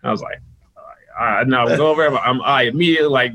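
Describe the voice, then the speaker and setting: A man being interviewed as a guest, telling casual stories and acting out the people he quotes in a higher, louder voice. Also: fast talker, low-quality recording. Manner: animated storyteller, jumps higher and louder when quoting people. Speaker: guest, sports PR consultant.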